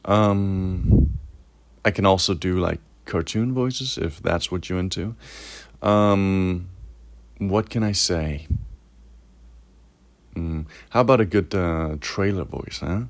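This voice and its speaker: A Danish-born male actor speaking with an American accent, relaxed and conversational, showing off his voices. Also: low voice, slow pace, long pauses, dry recording. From Denmark. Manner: relaxed, conversational, with frequent fillers. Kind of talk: voice demo reel.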